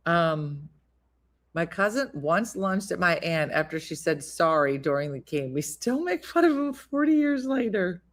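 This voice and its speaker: A woman's voice: on the low side, animated, measured pace. Chatty laughing woman hosting a stream. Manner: chatty storyteller, laughs often. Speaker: live-stream host reading viewer comments. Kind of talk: casual chat.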